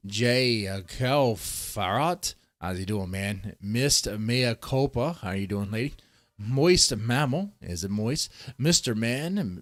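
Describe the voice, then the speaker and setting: A man's voice: mid-range voice, no room sound. A man hosting a livestream, rambling in casual, profane commentary and talking straight to his chat. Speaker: livestream host.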